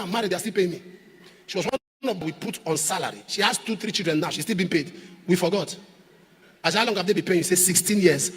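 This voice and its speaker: A man preaching a sermon as a pastor, emphatic, repeating phrases and rising to shouts. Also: sits high, big-room sound, slight background noise. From Nigeria.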